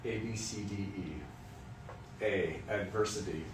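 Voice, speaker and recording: A man's voice: lowish voice, a little slow, noisy background. A man from Western Kansas, a voice teacher, lecturing music students in a candid, joking, storytelling way. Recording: roomy sound from a distant mic.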